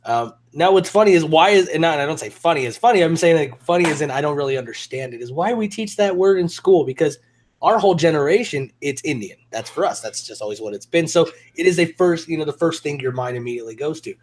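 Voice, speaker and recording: A man's voice: fairly high pitch, fast talker. A man co-hosting a casual talk show, telling stories animatedly and swearing a lot. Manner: animated storyteller, swears a lot, acts out voices. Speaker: podcast co-host. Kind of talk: casual chat.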